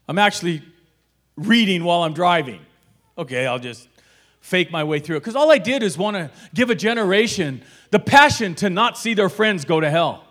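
A middle-aged man telling a personal story, acting out the dialogue and swinging from hushed asides to shouted lines. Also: sits high. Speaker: guest telling his story. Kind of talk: animated storytelling.

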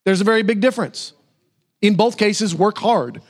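A male pastor preaching a sermon, animated, with sudden high exclamations and slow, emphatic repetition.

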